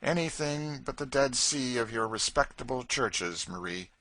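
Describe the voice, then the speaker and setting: A man voicing an easygoing gentleman father who talks in a dry, teasing way. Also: medium pitch, lively intonation, a little slow, no echo, voice pushed up. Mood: wry.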